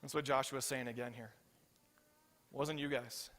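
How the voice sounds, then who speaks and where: A man preaching a sermon as pastor, telling the story with animated voices for the characters and often checking in with the congregation. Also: medium pitch, moderate pace. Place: church hall. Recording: reverberant hall.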